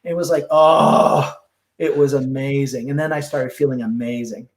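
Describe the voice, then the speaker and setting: A middle-aged man guesting on a podcast, telling a story in a very expressive, animated way. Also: medium pitch, normal speed, vocal fry. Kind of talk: casual storytelling interview.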